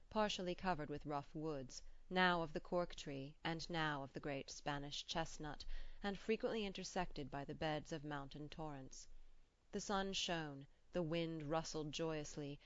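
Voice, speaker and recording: A woman narrating a classic story as an audiobook, in a steady, formal way. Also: sits low, measured pace, no echo, dull audio.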